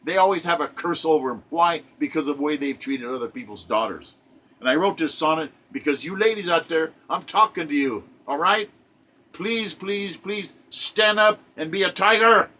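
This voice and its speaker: A man's voice: a little high, expressive, moderate pace, sharp tone. Emphatic preachy older man. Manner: exhortative, preacherly, repetitive emphatic phrasing. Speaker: self-published poet giving a monologue. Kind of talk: preachy spoken monologue.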